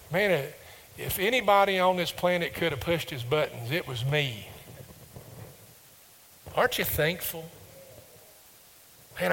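A man's voice: gravelly, a little hiss or hum, rough recording. A man preaching a sermon to a congregation, calling for the room to repeat verses back to him. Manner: call-and-response, gets louder and higher reading verses.

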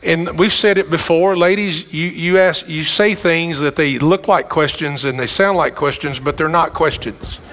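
A middle-aged man preaching a sermon, speaking conversationally with quick asides to the congregation. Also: on the high side, a bit bright. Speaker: pastor. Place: church sanctuary. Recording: long hall reverb.

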